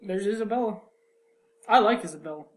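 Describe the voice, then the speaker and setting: A man co-hosting a podcast, telling stories in a quick, wry and irreverent way. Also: high-pitched. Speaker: podcast co-host. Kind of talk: casual podcast chat.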